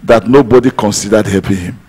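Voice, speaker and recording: A man preaching a sermon as pastor, emphatic, swinging from loud declamation to low quiet lines. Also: fairly quick, husky, in a large hall, rough recording. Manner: emphatic, rising to declamation then dropping low.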